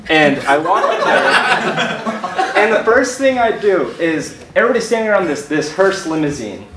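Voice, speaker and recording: Young male storyteller, lively delivery, echoey hall, distant mic. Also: high-pitched, normal speed. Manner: animated, laughing through his story. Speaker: storyteller on stage. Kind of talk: stand-up storytelling. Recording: echoey hall, mic from afar, audience noise.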